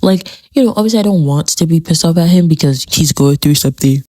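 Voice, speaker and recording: A woman's voice: sits low, quick pace, dark tone, dry recording. A woman giving a casual commentary on a TV episode, chatty and dramatic, repeating phrases for emphasis. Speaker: TV show commentator.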